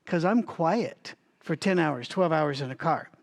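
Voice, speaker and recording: A man's voice: on the high side, expressive, unhurried, gravelly. A man leading a Bible study in a conversational teaching style, thinking aloud with asides and restarts, and coughing now and then. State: has a recurring cough.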